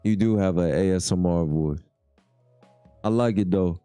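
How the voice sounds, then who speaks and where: Low, mellow-voiced livestream host. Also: male voice, normal speed, smooth, dry recording, faint music behind. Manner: laid-back, reads chat comments aloud. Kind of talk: casual livestream chat.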